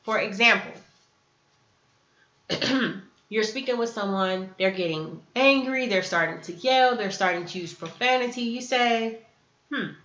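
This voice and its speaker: A woman's voice: mid-range voice, unhurried, a bit bright. A woman hosting a self-help lesson, talking earnestly to the camera and acting out sample dialogues. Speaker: self-help video host. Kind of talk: teaching talk to camera. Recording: echoey room, dull lo-fi sound.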